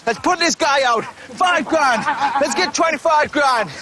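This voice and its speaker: A man's voice: very high voice, animated, unhurried, a crowd in the background. A man coaching and joking around in a rowdy, teasing way.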